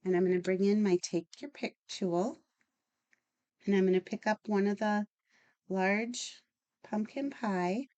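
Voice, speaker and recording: A woman at a medium pitch hosts a relaxed paper-crafting tutorial, narrating each step as she works. She speaks at an unhurried, slow pace, chatty and enthusiastic. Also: clean tone, lo-fi sound. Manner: chatty, enthusiastic, talks while working. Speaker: craft channel host. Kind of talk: casual stamping tutorial.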